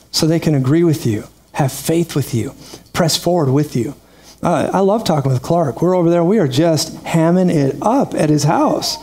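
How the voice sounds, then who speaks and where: Preaching as if having a friendly chat, a man with a slightly high, darkish voice keeps slipping into laughing asides while he tells the story.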